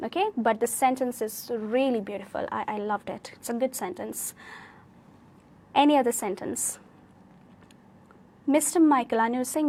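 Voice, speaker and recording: Woman with Indian English accent, live online teacher, encouraging, fairly high voice, keeps asking okay. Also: a little fast, a little mellow. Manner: encouraging, corrects students' sentences, frequent "okay?". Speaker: OET speaking teacher.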